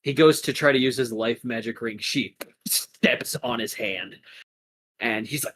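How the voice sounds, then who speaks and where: A woman narrating a tabletop game as game master, casual and animated. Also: very deep voice, measured pace.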